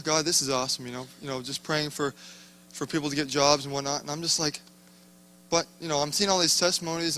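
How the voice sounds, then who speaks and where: A man's voice: on the high side, pushed and bright. A man sharing a casual testimony in a rambling, self-interrupting way, often breaking off mid-sentence. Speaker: conference attendee sharing a testimony.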